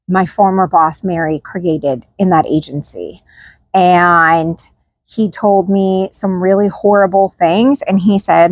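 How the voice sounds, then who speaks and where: A woman's voice: fairly low pitch, a little mellow, no echo, clean studio sound. A woman host chatting candidly to camera, frank and informal, often tagging lines with "like" and "right?". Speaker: channel host. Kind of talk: casual chat to camera.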